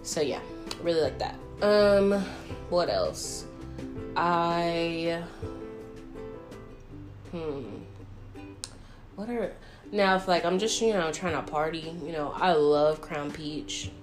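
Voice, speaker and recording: A young woman telling a story in a chatty, animated way, full of fillers, answering viewer questions. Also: on the low side, slow, long pauses, over music. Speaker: vlogger. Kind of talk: casual Q&A storytelling.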